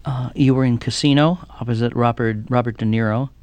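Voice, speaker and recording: A man who is a TV critic, asking polite, measured interview questions. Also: medium pitch, fairly even intonation, a little mellow, clean tone, no room sound.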